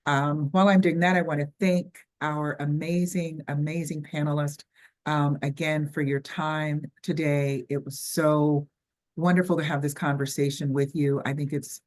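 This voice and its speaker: An older woman with a Southern US accent and a low voice wraps up an online workshop as its host. She talks in a chatty, halting way, full of ums and restarts, over a video call. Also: level tone. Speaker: webinar host.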